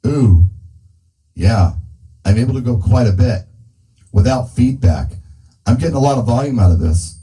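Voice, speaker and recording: Man, casual gear-demo talker, low dark tone, handheld mic through a speaker. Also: rough recording. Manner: thinking aloud while adjusting settings. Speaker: mobile DJ testing gear. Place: indoor room with a speaker. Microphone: handheld dynamic mic through a PA speaker.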